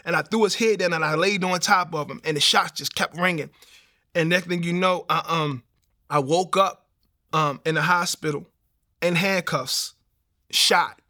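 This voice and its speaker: A young man, telling his personal testimony in a streetwise, animated way with slang. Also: a little high, moderate pace. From Baltimore. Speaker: testimony speaker.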